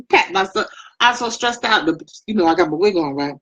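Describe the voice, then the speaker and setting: Husky-voiced chatty woman vlogger. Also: fairly low pitch, expressive, quick pace, no room sound, low-quality recording. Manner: chatty and rambling, greets viewers by name. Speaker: makeup vlogger and beauty product presenter. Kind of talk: casual live-stream chat.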